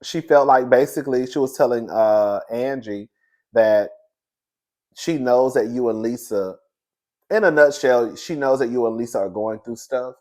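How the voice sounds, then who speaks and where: A man recapping a reality TV episode in casual solo chat, sassy and animated, laughing often and acting out quotes. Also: mid-range voice, normal speed.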